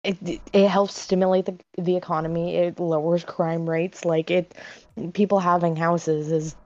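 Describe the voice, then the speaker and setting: A woman with a somewhat low voice chats casually on a podcast, rambling through her points with many fillers and restarts. The sound is dull and lo-fi with a dry, close feel and faint music. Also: little pitch movement, normal speed, darkish tone, dry recording. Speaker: podcast co-host.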